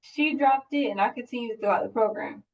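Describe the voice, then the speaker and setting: A young woman hosting a podcast speaks in a fairly high voice, casual and chatty with light laughs. She sits back from the mic, and the sound is muffled and dull. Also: a little fast, recorded from a distance. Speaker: podcast host. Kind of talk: casual interview chat.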